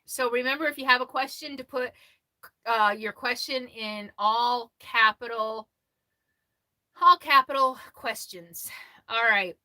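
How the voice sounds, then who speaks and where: Bright-voiced chatty woman livestreamer. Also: sits high. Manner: chatty and self-deprecating, laughs often, quick to apologize. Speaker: RV lifestyle livestream host. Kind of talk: casual livestream chat, answering viewer comments.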